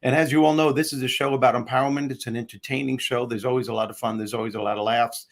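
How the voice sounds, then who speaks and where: A male talk show host with a mid-pitched voice who jokes his way through the opening and pokes fun at himself. He chats loosely with the audience and his guests. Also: fairly even intonation, racing, few pauses. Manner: joking, self-mocking, chatty. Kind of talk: comedic motivational talk show.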